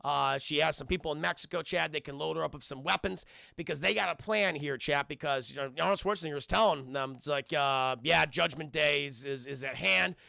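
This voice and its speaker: A man excitedly retelling a film scene by scene to his stream chat, swearing freely and briefly acting out the characters' lines. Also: a little high, creaky, no room sound, clean studio sound. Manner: excitable, swears, acts out lines in quick voices. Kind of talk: casual scene-by-scene recap.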